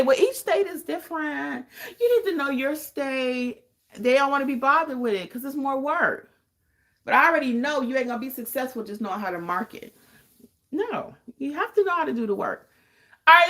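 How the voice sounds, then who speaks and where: Chatting with livestream viewers and answering their questions, this woman, a podcast host who trains notaries, has a fairly high, bright, forceful voice. She is emphatic and hammers points home by repeating them.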